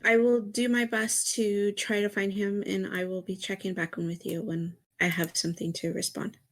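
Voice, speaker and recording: A woman playing a tabletop game, calmly questioning a character. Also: mid-range voice, normal speed. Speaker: player. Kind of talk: tabletop role-play.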